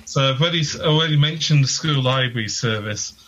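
A man's voice: medium pitch, brisk, fairly bright tone, lo-fi sound. A man, a podcast guest chatting casually with dry, self-deprecating humour. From England. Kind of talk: casual interview chat.

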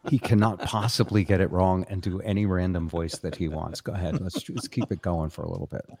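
A man's voice: sits low, fairly even intonation, fairly quick, vocal fry, darkish tone. An older man hosting a casual live-stream chat show, talking in a rambling, jokey, self-deprecating way. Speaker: show host.

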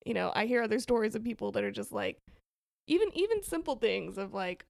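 A young woman co-hosting a podcast, chatting casually and telling animated stories with frequent laughter. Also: fairly high pitch, a little fast, vocal fry. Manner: animated storytelling, laughs often. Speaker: podcast co-host. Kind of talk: casual chat.

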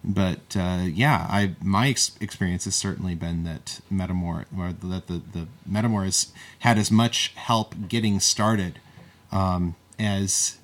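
A man with a fairly low voice, co-hosting a podcast in loose, casual conversation. He rambles with plenty of hesitations, circles back to his point, and slips in jokes along the way. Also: steady tone, a little slow. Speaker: guest co-host.

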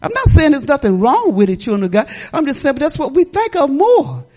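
A woman's voice: high voice, a little fast. A middle-aged woman pastor delivering a sermon with a wide, swooping melody. Her preaching is folksy and conversational, full of laughs and asides to the congregation. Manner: lively, folksy preaching with laughter and talk-back.

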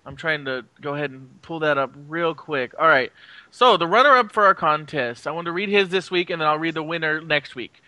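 A man hosting a podcast, talking casually with frequent fillers and pauses. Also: on the high side, no room sound. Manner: relaxed, halting with fillers. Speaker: podcast host.

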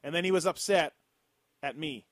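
Man, high voice, jokey interjections, laughs, dry room, casual chat. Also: normal speed, a bit bright, dry recording. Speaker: podcast co-host.

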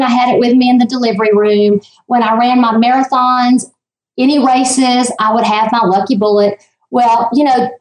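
A woman, telling stories with animated emphasis as an interview guest. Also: on the high side, reverberant, rough recording. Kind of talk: casual interview chat.

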